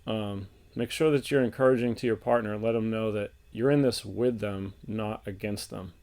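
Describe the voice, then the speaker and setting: A man presenting relationship advice in an earnest, loosely unscripted way, pausing with fillers and restarting phrases as he thinks aloud. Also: fairly low pitch, steady tone, a little mellow.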